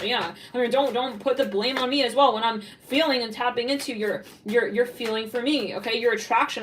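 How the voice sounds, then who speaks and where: A woman's voice: fairly high pitch, a bit bright, distant mic, slight background noise, rough recording. A woman giving a psychic tarot reading, blunt and rambling, swearing freely and voicing what she is picking up. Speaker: tarot reader.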